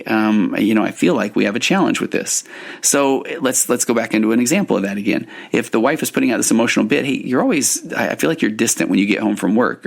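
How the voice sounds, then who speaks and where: A man's voice: medium pitch, creaky. A middle-aged man hosting a podcast as a therapist, explaining couples' communication in a conversational way and briefly acting out what partners say. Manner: conversational, acts out quoted partners, restarts and fillers. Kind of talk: solo podcast teaching.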